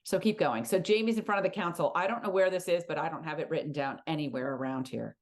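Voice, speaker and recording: A woman's voice: deep voice, fast talker. A woman co-hosting a casual recap podcast, chatty and hesitant, trailing off. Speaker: podcast co-host.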